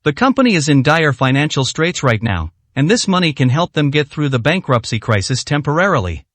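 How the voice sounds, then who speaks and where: A woman's voice: low-pitched, very animated, fairly quick, no room sound. A male narrator voicing a stern, commanding young woman chairman in a storybook reading.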